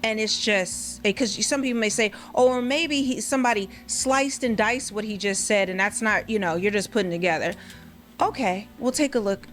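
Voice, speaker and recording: A woman's voice: mid-range voice, moderate pace, a bit bright, soft background music. A woman giving sarcastic commentary, firing off mocking rhetorical questions.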